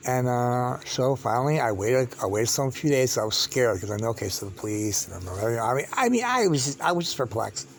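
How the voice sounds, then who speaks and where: A man telling a long personal story as a vlogger, halting and repetitive, with many restarts and fillers. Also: medium pitch, very animated.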